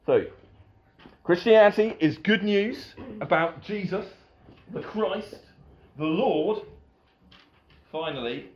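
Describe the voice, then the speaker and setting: Male preacher, sermon, playful asides, slightly high voice, slightly muffled lo-fi sound. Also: a little hiss or hum.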